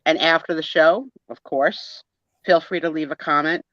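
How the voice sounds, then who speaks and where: A woman co-hosting a live photo sale, chatting warmly and telling a story with laughs. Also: low-pitched, steady tone, moderate pace, no echo. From Italian-American family. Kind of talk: casual livestream chat. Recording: dull dry sound of a video call.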